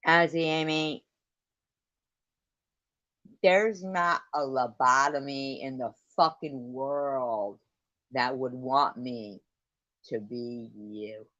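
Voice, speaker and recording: A woman's voice: extremely low pitch, steady tone, extremely slow, long pauses, fairly bright tone, no room sound, lo-fi sound. Combative woman swearing in a livestream row. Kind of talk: heated online argument.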